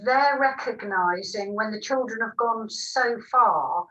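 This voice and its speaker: A woman's voice: on the high side, a little slow, pushed and bright, far from the mic, muffled recording. A woman with an English accent, a carer in a group session, sums up points in a thoughtful way. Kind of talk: group discussion on a video call.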